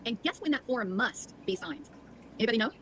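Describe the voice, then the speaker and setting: A woman's voice: a little high, sing-song, fairly quick, fairly bright tone, slight background noise, rough recording. A middle-aged woman giving sarcastic commentary on online drama, quizzing her audience as she goes.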